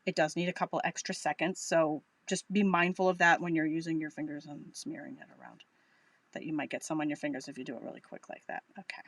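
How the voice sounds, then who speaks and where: A woman's voice: deep voice, fairly even intonation, fast, dry recording. A woman with a Boston accent giving a chatty, upbeat live crafting tutorial, thinking aloud as she works. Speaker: craft demonstrator.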